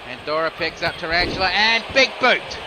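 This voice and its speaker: A man handles solo play-by-play for a video game wrestling match in an expressive, high voice at normal speed, with noise behind him. His calls stay steady move to move, then shoot up on near falls and reversals.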